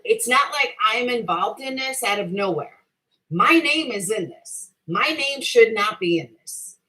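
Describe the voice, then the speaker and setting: In a heated, casual rant, a middle-aged woman answers her livestream chat with heavy swearing, defending herself and hammering the same point again and again. Her pitch is medium and her tone sharp, captured on a low-quality recording.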